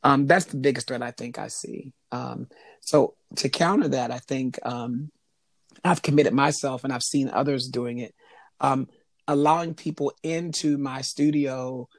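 A man with a mid-range voice is interviewed about his craft. He talks in a halting, considered way, often stopping to think before going on. The recording is dry and close. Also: medium pitch, fairly even intonation, vocal fry, dry recording. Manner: thoughtful, halting with frequent ums. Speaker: interview guest, jewelry maker. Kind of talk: conversational interview.

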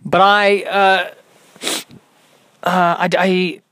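High-voiced man, dry self-mocking podcaster. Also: little pitch movement, very slow, sharp tone, smooth, dry recording. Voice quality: high tenor voice. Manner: dry, self-mocking and rambling, with many ums and restarts. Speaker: podcast host. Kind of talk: solo comedic podcast monologue.

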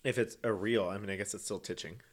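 A man's voice: on the low side, steady tone, a little hiss or hum. A man hosting a casual podcast, joking around and recounting a true crime case with lots of fillers. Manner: joking, drawn-out and laid-back, many fillers. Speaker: podcast host.

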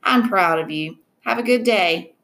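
A woman voicing a middle-aged father who talks in a stern, exasperated, brisk way. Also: mid-range voice, gravelly, a bit bright. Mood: fond.

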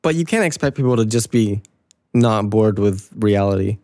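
A man's voice: fairly low pitch, lively intonation, moderate pace, darkish tone, dry recording. A man co-hosting a casual podcast chat, laughing often and swearing freely. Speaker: podcast co-host.

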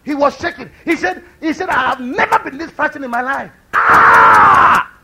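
A man preaching a fervent sermon, swinging from quiet speech to loud cries. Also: expressive, a little fast. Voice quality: high, gravelly and husky, with shouted peaks. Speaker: pastor.

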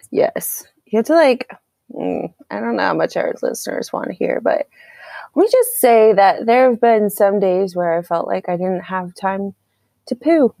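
A woman co-hosts a casual podcast, laughing easily as she tells her stories. She speaks at an unhurried pace. The sound is dry and close. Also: medium pitch, vocal fry, no echo. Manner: giggly, animated storytelling. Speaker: podcast co-host. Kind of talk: casual chat.

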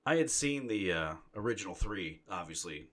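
Ranting, profane man with a low voice. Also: animated, normal speed, a bit bright. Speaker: podcast co-host. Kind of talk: casual chat.

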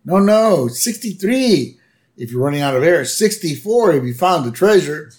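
A man's voice: on the high side, very animated, normal speed, darkish tone, pitched above the performer's own voice. A man doing a rambling old ex-sergeant grandpa.

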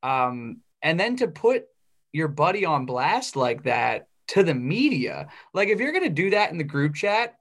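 A young man co-hosting a sports podcast, talking casually and getting heated and animated as he airs his opinions. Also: fairly high pitch, unhurried. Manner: opinionated, animated when ranting. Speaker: podcast co-host. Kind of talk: casual chat.

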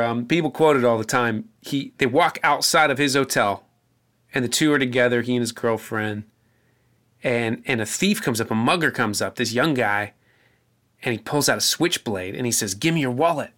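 A young male pastor with a bright, forward voice gives a sermon in a relaxed, conversational way. He tells a story with small restarts before he reads scripture aloud at an even, middle pitch. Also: moderate pace.

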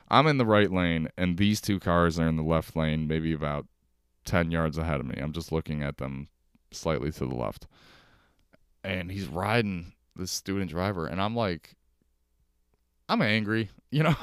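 Profane ranting podcast man, smooth low voice. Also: no room sound, studio quality. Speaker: podcast host. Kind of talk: solo comedic podcast rant. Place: at home on a couch.

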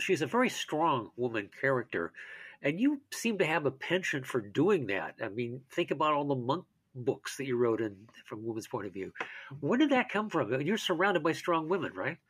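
A man's voice: fairly high pitch, big pitch swings, normal speed, fairly bright tone, slightly rough. A male interviewer asking thoughtful questions, hesitant and full of fillers.

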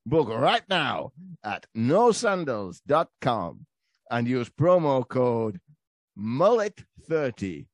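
A man's voice: medium pitch, very animated, no room sound. A man putting on a drawling ad voice. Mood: laid-back pitch. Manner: slow, drawling ad read in broken dialect. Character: laid-back Rastafarian man reading a resort ad.

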